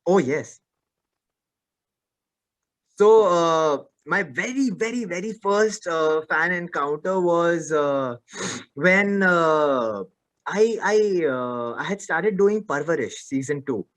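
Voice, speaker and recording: An animated young man recounts stories in a casual interview. His voice sits fairly high, and he slips into the voices of the people he describes. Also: slow pace. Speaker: actor and interview guest.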